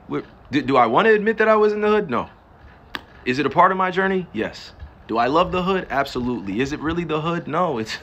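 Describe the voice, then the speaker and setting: A man's voice: mid-range voice, fairly bright tone, slight background noise. A man from New Jersey ranting on a livestream, firing off rhetorical questions and cursing for emphasis. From Newark, New Jersey. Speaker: livestreamer and pro athlete. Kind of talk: casual livestream rant.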